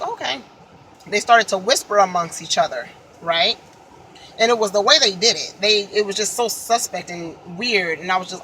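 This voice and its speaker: Bright-voiced woman telling her story. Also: a little hiss or hum, poor audio. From Illinois. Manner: earnest, upset, reenacts dialogue with rising pitch. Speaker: vlogger telling a personal story. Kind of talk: casual personal storytelling.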